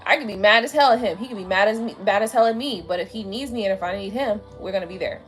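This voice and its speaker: A woman with a mid-range voice talks quickly over faint background music, hosting a tarot live stream while lying at home slightly drunk. Using her tablet's camera mic, she's blunt, profane and chatty, laughing frequently.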